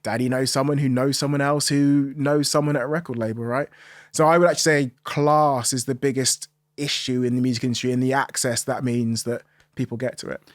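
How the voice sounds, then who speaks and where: A man from Kent, guesting on an interview about the music industry. He speaks in a measured, thoughtful and emphatic way. His voice sounds dry and close, with no room around it. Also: mid-range voice, little pitch movement, no echo. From Tunbridge Wells, Kent, England. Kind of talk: conversational interview answers.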